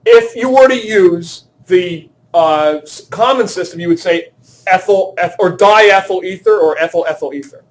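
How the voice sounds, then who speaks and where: Speaking a little slowly in a high voice, a male chemistry teacher works through problems with his class. He jokes, mocks himself, and keeps asking students questions.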